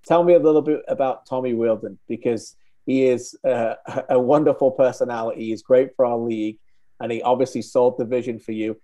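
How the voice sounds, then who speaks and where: A man's voice: medium pitch, steady tone, a little fast, dark tone. A man hosting a sports interview, asking encouraging, leading questions.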